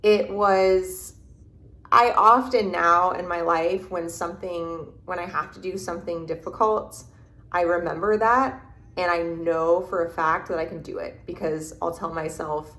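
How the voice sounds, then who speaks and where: Halting woman guest in a roomy space. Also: on the low side, a bit bright. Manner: halting, searching for words with many restarts. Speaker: podcast guest. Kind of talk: reflective interview storytelling. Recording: roomy echo.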